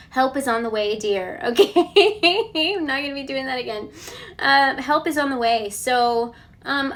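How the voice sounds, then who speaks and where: A woman giving a casual collective tarot reading, relaxed and reassuring. She thinks aloud and often checks in with a questioning "okay?". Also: on the high side. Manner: chatty, ends points with a questioning "okay?". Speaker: tarot card reader.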